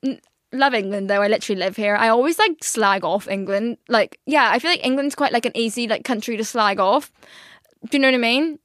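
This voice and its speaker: A young Northern Irish woman hosts a podcast and tells a story in a fast-wandering way. She swears freely and stacks up filler words as she vents. Her voice sits a little high, recorded dry and close on a studio mic. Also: no room sound. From Northern Ireland. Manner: rambling, heavy on filler words, swears freely, animated venting. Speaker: podcast host. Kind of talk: casual storytelling monologue.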